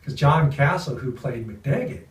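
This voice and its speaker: A man being interviewed as an actor, telling anecdotes from a film shoot in a lively, storytelling way and acting out the people he quotes. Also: medium pitch, measured pace, distant mic. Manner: animated, acts out quoted voices. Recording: roomy sound from off-mic.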